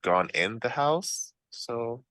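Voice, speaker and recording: A man narrating as game master for a tabletop role-playing game, talking in a relaxed, conversational way with frequent fillers. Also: medium pitch, takes it slowly, dry recording.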